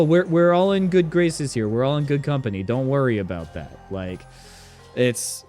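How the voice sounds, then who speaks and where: A man's voice: mid-range voice, animated, moderate pace, darkish tone, soft background music. A man streaming a game, giving chatty, jokey commentary full of fillers. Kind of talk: casual let's-play commentary.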